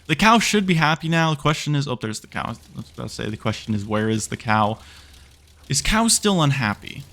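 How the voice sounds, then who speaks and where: A man's voice: medium pitch, very animated, a little fast, fairly bright tone. A young man giving casual, chatty commentary over a farming game, playfully exasperated and talking to the animals on screen. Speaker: gaming YouTuber.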